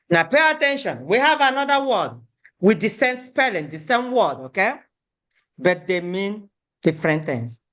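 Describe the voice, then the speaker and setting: A woman's voice: fairly low pitch, a bit bright. A woman teaching a beginner language class, patiently repeating each word and breaking words into syllables.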